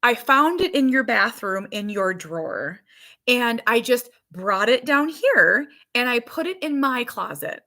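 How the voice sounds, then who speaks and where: Stubborn three-year-old girl, as a woman puts her on, high and bright, insistent, matter-of-fact. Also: lively intonation, measured pace, full character voice. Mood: proud.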